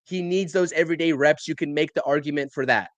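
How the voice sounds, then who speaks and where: A man co-hosting a sports talk show, running quickly and emphatically through roster predictions, a little out of breath. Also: a little high, dry recording. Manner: emphatic, rapid rundown. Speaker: podcast co-host.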